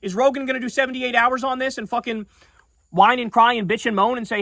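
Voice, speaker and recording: A man's voice: very high-pitched, a little fast, sharp tone, no room sound. A man giving heated, sarcastic and profane political commentary in a video.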